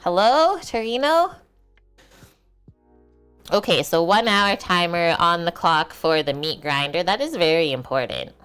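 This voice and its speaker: A woman's voice: lowish voice, normal speed, few pauses, fairly bright tone, clear, resonant tone, soft background music. A woman streaming while she cooks, chatting casually with viewers, answering their comments and laughing often. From Canada. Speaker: cooking streamer. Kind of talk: casual livestream chat while cooking.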